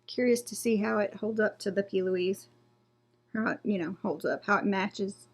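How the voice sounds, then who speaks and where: In a casual beauty unboxing vlog, a woman with a mid-range voice speaks at normal speed. She reads product blurbs aloud, trailing off and starting again as she goes.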